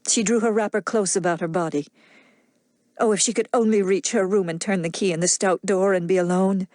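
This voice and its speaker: A woman narrating an audiobook in a measured, dramatic reading style. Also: mid-range voice, fairly even intonation, darkish tone, dry recording, studio quality. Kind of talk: scripted narration.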